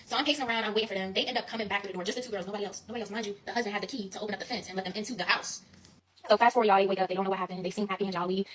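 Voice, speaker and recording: A young woman in her twenties tells a story in a casual, animated way. She talks very fast and stresses her points, often turning straight to her listeners as she goes. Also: mid-range voice, a little hiss or hum, poor audio. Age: 20s. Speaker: guest storyteller.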